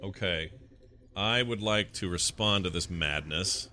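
A man with a very low voice that still carries a bright, forceful edge. He chats casually and jokes wryly as a player at the game table. Faint noise hums behind him. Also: unhurried. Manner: joking, wry.

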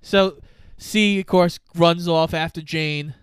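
Animated man retelling a movie. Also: on the high side, slow pace, clean tone, no echo, studio quality. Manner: animated storyteller, acts out characters' lines. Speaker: podcast co-host. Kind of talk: casual movie recap chat.

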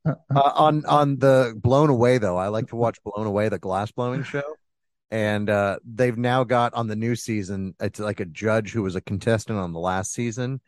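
A man's voice: on the low side, normal speed, no echo. A man in casual podcast chat, rambling and crude, often mimicking people in silly voices.

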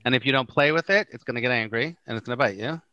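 A man's voice: mid-range voice, very fast, dry recording, dull audio. A middle-aged man, a spiritual teacher and guest, talking casually and acting out the quotes in his stories. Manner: animated storyteller who acts out quoted lines. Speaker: Course in Miracles teacher, podcast guest.

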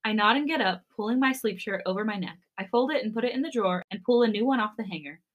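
A woman reading a romantic fan story aloud in the first person, in a gentle, soft, intimate way. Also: medium pitch, quick pace, lo-fi sound. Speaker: podcast story reader.

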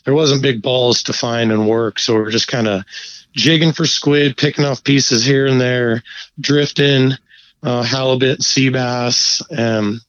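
A man telling a fishing story in a laid-back, profane, animated way during a casual chat. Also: mid-range voice, a little slow, dry recording, muffled recording. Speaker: guest angler.

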